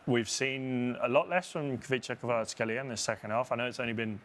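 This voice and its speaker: A man co-hosting a football watchalong, calmly explaining tactics and substitutions in casual talk. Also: mid-range voice, a little fast, slight background noise. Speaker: watchalong co-host, tactics pundit.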